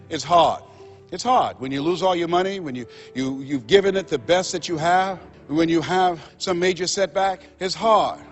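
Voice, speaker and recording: Older man, motivational speaker, high voice, preacherly, faint music underneath. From United States. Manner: emphatic, rhythmic and preacherly, repeating key lines. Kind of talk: motivational speech.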